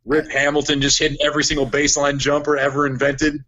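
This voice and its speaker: A man's voice: a little high, fast talker. A young adult man chatting casually on a podcast, telling stories with lots of "like". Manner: animated storyteller, heavy use of "like". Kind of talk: casual chat. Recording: dull lo-fi sound.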